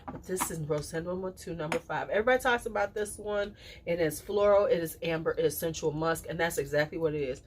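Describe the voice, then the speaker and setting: A woman talking casually to camera as a perfume reviewer, chatty and animated, with playful asides and quick drops to a whisper. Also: lowish voice, a little hiss or hum. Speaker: perfume reviewer and channel host.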